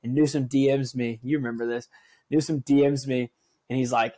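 A man's voice: medium pitch, brisk. A young man co-hosts a casual podcast with a voice in the middle range. He tells stories with energy, acting out what people said and swearing freely. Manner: animated storyteller, swears, acts out quotes. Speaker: podcast co-host.

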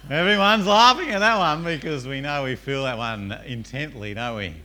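Bright-voiced male pastor preaching casually. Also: mid-range voice, lively intonation, normal speed. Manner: conversational, frequent "uh", asks the congregation questions. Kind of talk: sermon. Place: church.

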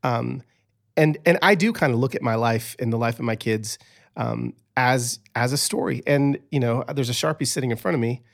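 A man who is a podcast guest, telling stories in a chatty, animated way with many restarts. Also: medium pitch, normal speed, vocal fry. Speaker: podcast guest, author and speaker. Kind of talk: casual storytelling interview.

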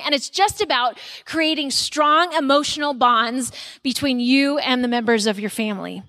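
A woman speaker giving a conversational sermon to mothers at a conference, telling personal stories with animated delivery. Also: sits high, dry recording. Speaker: mother of young children.

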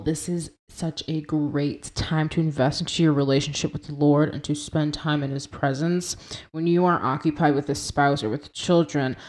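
A young woman hosts a faith podcast in a low, mellow voice. She talks earnestly and casually, reading scripture aloud and unpacking its words, now and then laughing at her own pronunciation. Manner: earnest, conversational, quotes and explains scripture. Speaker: podcast host. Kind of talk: Christian devotional podcast talk.

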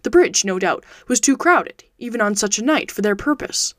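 A woman reading the part of Sherlock Holmes, a keen-minded Victorian detective, in a measured, precise voice. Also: medium pitch, expressive, dry recording, natural voice. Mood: agitated.

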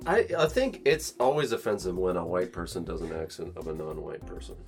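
A man's voice: deep voice, expressive, a little fast, soft background music. A man in casual banter with friends, speaking in a hesitant, mild way.

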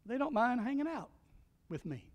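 Man, middle-aged, pastor, sermon, high-pitched, emphatic, calls out to congregation, long church-hall reverb. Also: very animated, moderate pace, lo-fi sound. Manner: emphatic preaching with call-and-response questions to the congregation; swings between loud exhortation and soft, hushed lines. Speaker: pastor and chaplain.

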